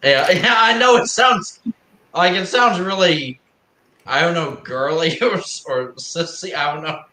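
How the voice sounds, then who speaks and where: Stream host guy rambling away, bright voice, echoey room. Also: a little high, unhurried, slight background noise. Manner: rambling, many "I mean" fillers, easy laughs. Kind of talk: casual chat. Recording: roomy echo.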